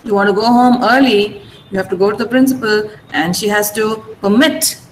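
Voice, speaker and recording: A woman's voice: mid-range voice, moderate pace, reverberant, slight background noise, poor audio. A woman with an Indian English accent, an English teacher who explains pronunciation patiently and has students repeat words. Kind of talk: online vocabulary class.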